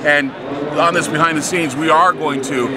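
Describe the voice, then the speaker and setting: Host guy all pumped up at a convention, loud noise all around him. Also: a little high, normal speed. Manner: excited, upbeat. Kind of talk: on-location intro. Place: busy convention hall.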